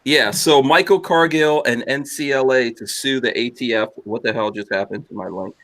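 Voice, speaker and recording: A man's voice: mid-range voice, moderate pace, a bit bright. A man hosting a casual podcast, rambling and teasing his co-hosts with lots of fillers. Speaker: podcast host.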